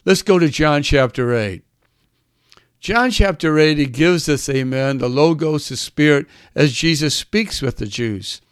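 A man's voice: on the high side, measured pace, clean tone, dry recording, clean studio sound. A man preaching a sermon, emphatic and drawn out, his voice climbing on the key words.

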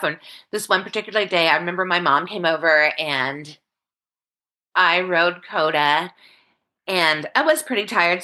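A woman telling a personal story in an interview, candid and halting, choked up and close to tears, speaking over a video call. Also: lowish voice, sharp tone. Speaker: guest.

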